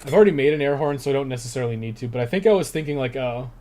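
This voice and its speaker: A man's voice: mid-range voice, very fast, darkish tone. Rambling young man streaming gameplay. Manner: rambling, thinking aloud with many fillers. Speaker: streamer commenting on his speedrun. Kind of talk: casual live-stream commentary. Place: home room.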